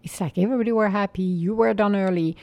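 A woman giving a calm, reflective spiritual monologue, unhurried and sometimes dropping into a soft whisper, with light laughs as she tells stories. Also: medium pitch, no room sound, muffled recording. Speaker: mindfulness speaker.

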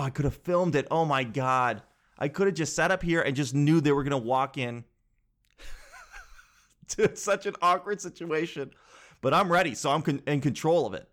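A young man telling a story in a casual, animated way, swearing freely and acting out what others said. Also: medium pitch. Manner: animated, swears freely, acts out quoted voices.

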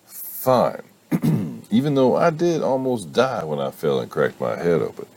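A man's voice: extremely low pitch, sing-song, measured pace, gravelly, darkish tone, slightly rough, voice pushed up, exaggerated voice. A man voicing a playful young man who boasts and teases the women around him. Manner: teasing, boastful.

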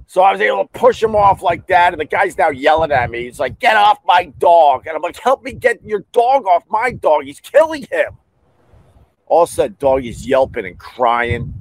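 A man in a casual podcast storytelling mode, his voice sitting a little high. He is animated and heated, and he shouts now and then as he retells events. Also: no room sound, rough recording. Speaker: podcast host.

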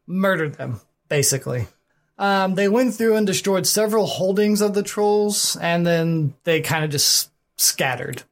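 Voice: medium pitch, lively intonation, unhurried. A podcast host casually retelling the history of a fantasy world, loose and chatty, with fillers and the odd swear. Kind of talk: casual chat, storytelling.

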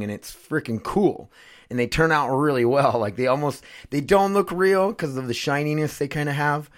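A man hosting his own podcast, rambling and swearing casually into a condenser studio mic. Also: medium pitch. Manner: rambling, profane, self-mocking. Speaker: podcast host.

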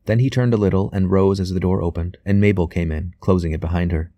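A man reading a novel aloud as audiobook narrator, in a measured, even way. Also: deep voice, no room sound. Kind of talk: scripted narration.

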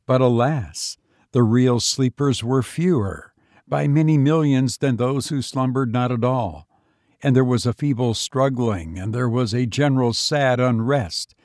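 A man narrating a gothic tale as a dramatic reading, with a solemn, measured delivery. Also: medium pitch, creaky, a little mellow, no echo, clean studio sound.

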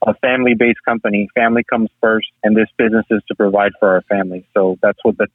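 A man who runs a landscaping business, a podcast guest talking in an earnest, steady way. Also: on the low side, fast talker, no room sound. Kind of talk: casual interview chat. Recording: tinny phone-line call.

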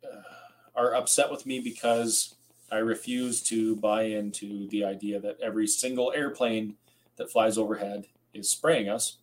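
A man's voice: fairly low pitch, fairly even intonation, a little slow, poor audio. A tired man hosting a rambling late-night livestream, reading out viewer comments and chatting casually. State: tired, yawning. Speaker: host.

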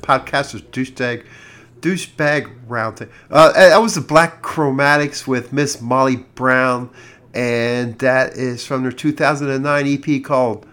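Male radio host, middle-aged, halting casual storyteller, average pitch. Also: a bit bright. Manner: rambling, halting, with many restarts and fillers.

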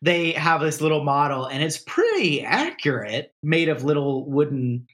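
A man's voice: on the high side, moderate pace. A man co-hosting a casual movie discussion, often breaking into quoted lines. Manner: animated, quotes movie lines in mock voices. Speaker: podcast co-host.

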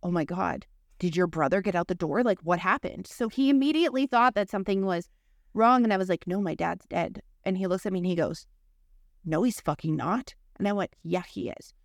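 A woman's voice: lowish voice, a little fast, creaky, dry recording, clean studio sound. Frank, profane woman telling a story. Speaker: podcast co-host. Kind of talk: casual conversation.

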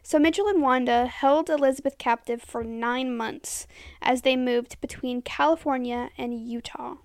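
High, gravelly young woman telling a crime story. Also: steady tone, moderate pace, no room sound, studio quality. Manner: chatty, many "like" fillers, drops to soft half-whispers. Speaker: podcast host. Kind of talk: casual true crime storytelling.

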